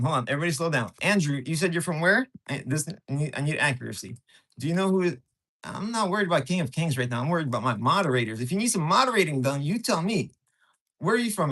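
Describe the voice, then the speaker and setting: A man with a slightly raised pitch hosts a casual live stream and talks straight to his viewers. He is excitable and teasing, and he jumps from one chat message to the next. He is recorded on a camera set on a tripod.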